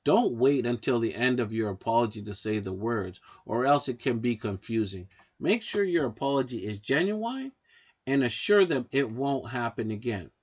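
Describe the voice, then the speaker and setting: A man in a middle pitch talks the listener through practical steps, one after another. His delivery is calm and measured, with the even pacing of an instructional voice-over. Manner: calm, measured, advising directly. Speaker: narrator of a self-help guide. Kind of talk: instructional narration.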